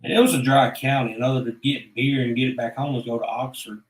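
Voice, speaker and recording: A man's voice: mid-range voice, flat delivery, quick pace. A man, telling stories from his life in a blunt, rambling, profane way. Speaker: vlogger. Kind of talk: casual personal storytelling. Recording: echoey room.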